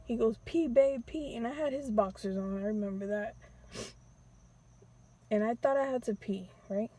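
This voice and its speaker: A young woman casually telling a personal story with slang, sometimes re-enacting pleas in a high, teary voice. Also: normal speed, warm tone.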